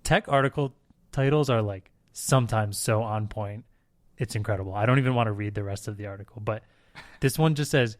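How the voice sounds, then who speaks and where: A man co-hosting a podcast in casual chat, laughing and excitedly telling stories, in a hotel room. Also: fairly low pitch, a little fast. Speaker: podcast co-host.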